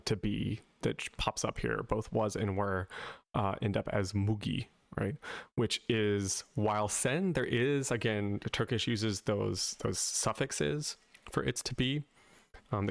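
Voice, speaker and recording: A man's voice: lowish voice, vocal fry, dry recording. A man from the southern United States with a light Southern accent, hosting a casual linguistics explainer and often checking in with "right?". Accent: light Southern American. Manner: conversational, checks in with "right?" after points. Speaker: linguistics video host.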